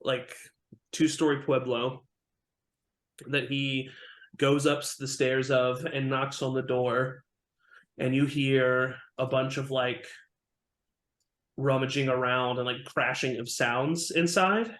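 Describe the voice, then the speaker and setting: A man's voice: mid-range voice, steady tone, slow pace, long pauses, a bit bright. A man narrating as game master of a tabletop game, in a loose style with lots of fillers. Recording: roomy with faint music.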